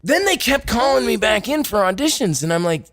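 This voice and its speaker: A man telling stories in a casual bar conversation, animated and loud when he acts out quotes. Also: high voice, brisk, vocal fry. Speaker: stuntman and actor, podcast guest. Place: bar in Hollywood.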